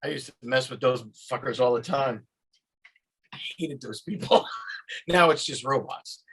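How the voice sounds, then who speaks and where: A man's voice: mid-range voice, moderate pace, husky, low-quality recording. A man hosting a podcast in casual chat, telling stories animatedly and swearing freely. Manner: animated storyteller, acts out voices, swears freely. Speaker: podcast host.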